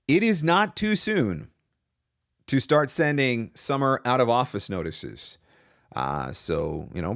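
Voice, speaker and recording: Chatty low-voiced man coaching live. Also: no room sound, clean studio sound. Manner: chatty, loose, with fillers and restarts. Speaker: voice over business coach hosting a live Q&A. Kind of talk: casual live-stream advice talk.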